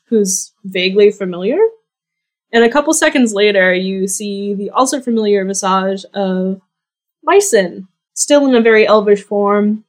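A woman narrating as game master of a tabletop game, relaxed and often laughing. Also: medium pitch. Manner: relaxed, giggly storytelling.

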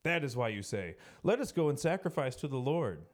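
A man's voice: mid-range voice, very animated, a little fast, pitched above the performer's own voice, close to an everyday voice. A man voicing a harsh, demanding ancient king in a scripture reading, scolding and commanding.

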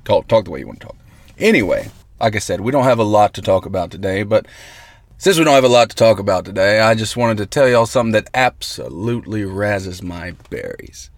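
Excitable rambling male comedy host. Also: lowish voice, a little fast, dry recording. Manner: excitable, rambling, mock-earnest. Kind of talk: comedic mock radio broadcast. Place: inside a car. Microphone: close mic in a parked vehicle.

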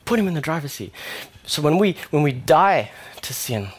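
A young man preaching a sermon in a conversational way, with fillers and animated stories. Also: fairly high pitch, moderate pace, breathy edge.

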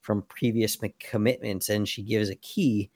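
A man's voice: fairly low pitch, fairly even intonation, normal speed, a little mellow, dry recording, clean studio sound. A man hosting a podcast, rambling casually about comics with lots of fillers. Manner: rambling, filler-heavy, laughs easily. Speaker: podcast host. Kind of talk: casual comic book discussion.

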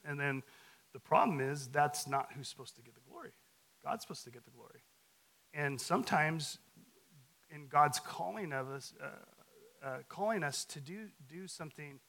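A man with a slightly high, fairly bright voice and some vocal fry delivers a conversational sermon as a guest teacher, captured on a rough recording. He's casual and halting, with many restarts and fillers, reading scripture with added emphasis and acting out quotes.

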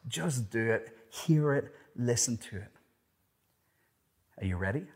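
A man with an Irish accent preaching a sermon as pastor, earnest and emphatic, swinging between forceful rises and hushed, quiet passages. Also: medium pitch, expressive, a little slow, pauses often.

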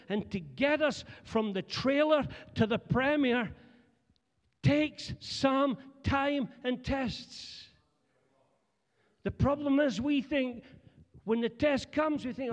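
In a church hall with long reverb, a middle-aged man with a Scottish accent and an extremely high-pitched voice preaches a funny sermon, joking animatedly with his congregation.

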